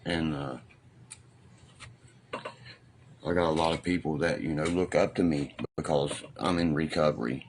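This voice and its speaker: A middle-aged man from talks to his live-stream viewers in a drawl. His voice sits low and deep. His talk rambles, swears freely and leans on fillers. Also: steady tone, unhurried, pauses often, slight background noise. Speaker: livestreamer. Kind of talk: casual live-stream chat.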